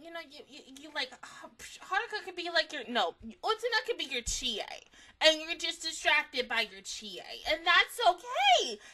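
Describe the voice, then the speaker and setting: A woman's voice: high-pitched, bright, forceful tone. A young adult woman giving casual anime reaction commentary, talking affectionately to the characters on screen.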